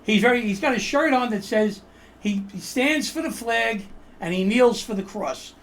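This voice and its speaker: A man's voice: very high-pitched, lively intonation, normal speed, a bit bright, a little hiss or hum. A man hosting a casual political chat show over a video call, joking and rambling as he introduces his guest. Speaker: host.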